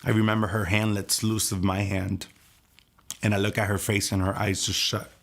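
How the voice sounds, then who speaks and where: A man telling his personal testimony in an earnest, soft-spoken way. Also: lowish voice, flat delivery, normal speed, creaky. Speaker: testimony speaker.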